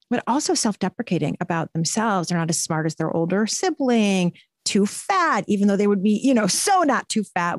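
A woman in her forties, a podcast guest, telling a personal story in an earnest, animated way with quick bursts. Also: medium pitch, no echo, clean studio sound. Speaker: podcast guest, purpose coach. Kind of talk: conversational storytelling.

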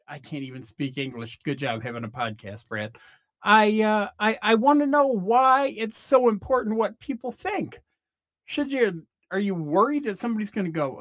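A man's voice: fairly high pitch, animated, moderate pace, a bit bright, no room sound. Chatty fifty-something man, dry sound. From Northern Illinois, USA. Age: 50s. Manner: chatty, meandering, swears casually. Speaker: podcast host. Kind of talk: casual rambling monologue.

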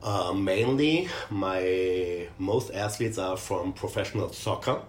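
A man talking as a guest about working with athletes, hesitant and halting, often trailing off softly. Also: low voice, slight background noise. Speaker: guest who works with athletes. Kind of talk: casual conversation. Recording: echoey room.

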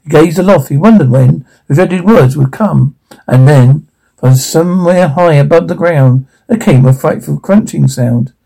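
Gravelly man reading a rhyming story. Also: a little high, a little slow, mellow, low-quality recording.

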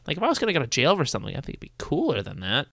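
Man, podcast co-host, casual joking chat, bright tone, dry sound. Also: on the high side, wildly swooping pitch, rapid-fire, creaky, dry recording. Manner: jokey, riffs with silly voices.

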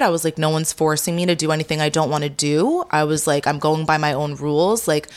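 A young woman speaking frankly as an interview guest, retelling conversations with lively energy. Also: low-pitched, fast talker, few pauses. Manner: frank, animated when retelling talks.

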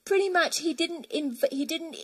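A woman's voice: very high voice, lively intonation, moderate pace, rough recording. A woman preaching a sermon emphatically, reading scripture aloud.

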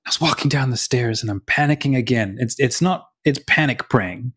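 A co-host of a faith podcast, this man speaks a little fast in a husky, slightly bright voice. He tells stories in casual conversation, acting out the quotes within them with rising pitch.

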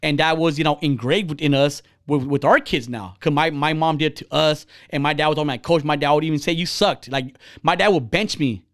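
A man's voice: a little fast, hardly any pauses, dry recording, studio quality. A man in his thirties in casual chat, telling stories bluntly with lots of profanity and acting out the people he quotes. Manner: blunt, profane, animated storytelling; acts out quoted people with big pitch jumps.

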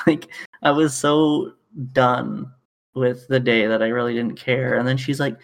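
A man's voice: medium pitch, normal speed, gravelly. A man from Canada co-hosting a podcast, telling work stories in a rambling, profane way with lots of fillers and restarts. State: knee in pain. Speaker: podcast co-host. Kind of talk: casual chat.

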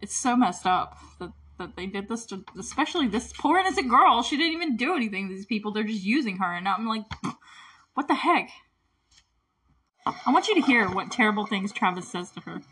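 A woman's voice: mid-range voice, sing-song, fast talker, a bit bright, husky. A woman casually recapping a movie, chatty and indignant, with lots of "like". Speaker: movie reviewer.

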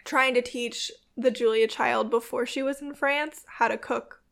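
A woman's voice: a little high, steady tone, unhurried, vocal fry, fairly bright tone. A young woman co-hosting a casual chat, enthusiastic and full of fillers. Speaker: co-host.

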